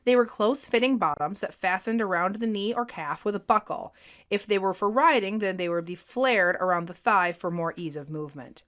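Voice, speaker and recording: A woman co-host narrates a history podcast from her script, and her expressive reading lifts on the lighter moments. Her voice stays at a middle pitch. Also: brisk.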